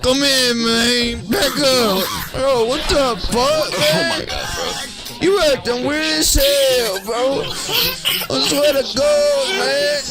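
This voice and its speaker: A man in an online VR game, joking around with other players in a teasing, over-the-top way. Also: extremely high pitch. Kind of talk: joking banter.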